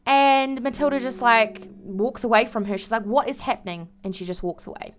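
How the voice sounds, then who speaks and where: A woman who makes game videos, narrating a life-sim game storyline in an animated, dramatic way. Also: fairly high pitch, normal speed, soft background music. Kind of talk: story narration over gameplay.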